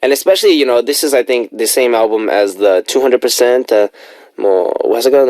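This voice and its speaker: A man's voice: medium pitch, animated, fairly quick, a little mellow, no echo. Chatty man hosting radio. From United States. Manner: chatty, playful, upbeat asides. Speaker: radio DJ and host. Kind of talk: casual radio show hosting. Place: radio studio.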